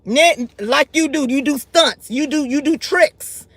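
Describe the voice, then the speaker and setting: A woman's voice: high voice, unhurried, fairly bright tone, dry recording. A woman delivering a heated, scolding commentary rant, often repeating and restarting her words. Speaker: YouTube commentary host.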